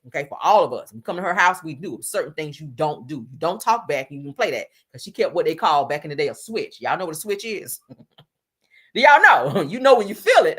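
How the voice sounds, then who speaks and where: Animated, laughing woman livestream host. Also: low voice, slightly rough. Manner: animated, laughing, addresses viewers as y'all and baby. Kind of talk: casual storytelling to live chat.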